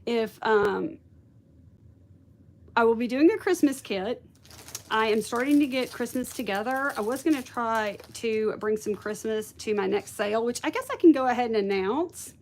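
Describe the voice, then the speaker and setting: A woman's voice: on the high side, normal speed. A woman hosting a casual craft livestream, chatting with viewers and thinking aloud. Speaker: craft video host.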